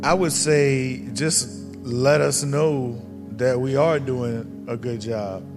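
A man's voice: mid-range voice, fairly even intonation, slow, long reverb tail, music in the background. A man answering as a panel guest, simple and earnest.

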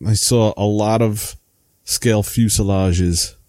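A man's voice: on the low side, fairly even intonation, takes it slowly, a little mellow, no room sound. A man co-hosting a casual hobby podcast, telling stories in an easygoing way. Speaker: podcast co-host. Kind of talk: casual chat.

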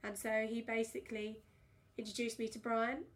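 A middle-aged woman in casual podcast chat, telling animated anecdotes and swearing freely. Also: a little high, normal speed. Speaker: podcast co-host.

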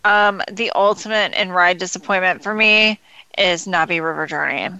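A woman's voice: lowish voice, normal speed, pushed and bright, smooth, no room sound, muffled recording. A middle-aged woman co-hosting a podcast, chatty and dramatic in casual talk. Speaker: podcast co-host. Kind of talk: casual chat.

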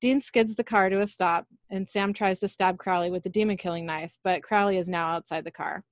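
A woman co-hosting a podcast, casually retelling an episode scene by scene and reading the dialogue aloud in a plain, even way. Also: medium pitch, fairly quick, no echo, studio quality. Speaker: podcast co-host recapping an episode.

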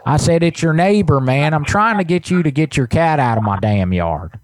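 A man's voice: expressive, moderate pace, no echo, close to an everyday voice. Brief: man voicing a crude redneck neighbor for a prank call, drawling, sings off the cuff. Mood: complaining. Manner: crude, drawling, bursts into rough high singing. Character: irritated redneck male neighbor complaining about a cat. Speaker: prank caller.

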